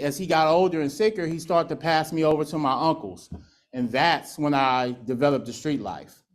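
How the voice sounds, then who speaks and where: A man sharing his recovery story as personal testimony, candid and streetwise, with laughs and acted quotes. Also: medium pitch.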